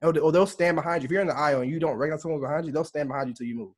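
A fast-talking man from the United States chats on a podcast, full of animated stories and acted-out quotes. His voice is a touch husky. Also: fairly high pitch. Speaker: podcast guest. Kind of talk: casual podcast chat.

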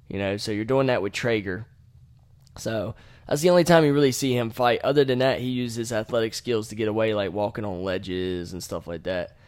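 Animated, profane young podcast host. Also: male voice, fairly low pitch, clean tone, no room sound. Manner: animated, profane, laughing asides. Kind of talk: casual game retelling.

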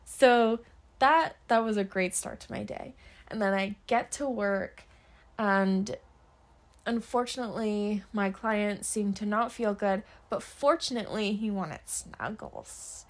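A woman's voice: medium pitch, slow. A young woman hosting a casual solo podcast, chatting upbeat about her day with a lot of fillers. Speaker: podcast host.

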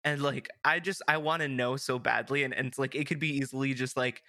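A man's voice: medium pitch, steady tone, fairly quick, bright, forceful tone, no echo, clean studio sound. A young man hosting a video game podcast in a rambling, casual chat full of fillers. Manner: chatty, rambling, filler-heavy. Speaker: podcast host.

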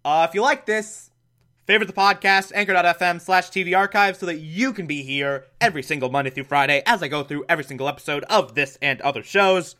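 A man's voice: fairly high pitch, fast talker, bright, forceful tone. A man hosting a podcast, recapping an episode in a casual, chatty way, laughing often and adding mocking asides. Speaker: podcast host.

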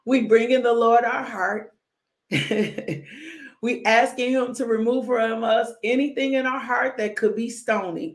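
A woman preaching with a high, bright-pitched voice. She drives her sermon with fervent call-and-response and sudden whoops. She calls out to members of her congregation by name. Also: measured pace, pauses often.

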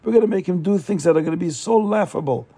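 A man putting on a gravelly, bossy cruel nobleman. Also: sits high, quick pace, warm tone, voice pushed up. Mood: gleeful. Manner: gloating, domineering. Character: cruel arrogant male nobleman, bossy and vengeful.

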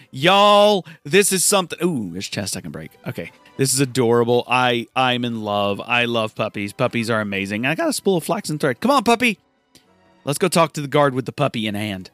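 Brief: let's-player, lively swooping delivery, bone-dry close mic. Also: male voice, medium pitch, fast, few pauses, no echo, faint music behind. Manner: excitable, chatty, gushing. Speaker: gaming streamer. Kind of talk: let's-play commentary.

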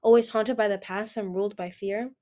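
A woman's voice: medium pitch, steady tone, brisk, mellow. A woman narrating a fantasy novel chapter as a fan audiobook, reading steadily and often correcting herself. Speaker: audiobook reader.

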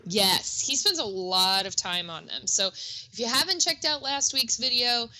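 A woman's voice: a little high, lively intonation, unhurried, pushed and bright, low-quality recording. A middle-aged woman co-hosting a music teaching podcast, chatty and upbeat with self-deprecating asides. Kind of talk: casual educational podcast chat.

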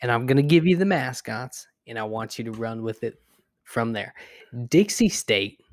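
A man cohosting a casual podcast, laying out picks in a measured way. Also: medium pitch, expressive, no echo, studio quality. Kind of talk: casual chat.

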